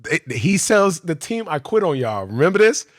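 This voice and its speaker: A man telling his football career story on a podcast, animated, profane and slangy. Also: a little high, moderate pace, dry recording, studio quality.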